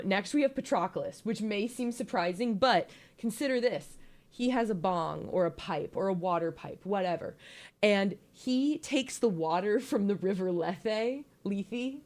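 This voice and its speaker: A woman's voice: fairly low pitch, lively intonation, a little fast. A young woman giving a casual, joking slideshow presentation, playful and giggly with lots of ums.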